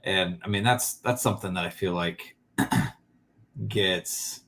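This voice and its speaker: A man co-hosting a parenting podcast, talking in an easygoing, halting way and laughing often. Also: low-pitched, a bit bright. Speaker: podcast co-host. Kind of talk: casual parenting chat.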